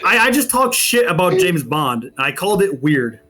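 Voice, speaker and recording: Excitable high-voiced young man. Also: normal speed, soft background music. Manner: excitable, loud, swears a lot. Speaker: podcast co-host. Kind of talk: casual chat over an online call.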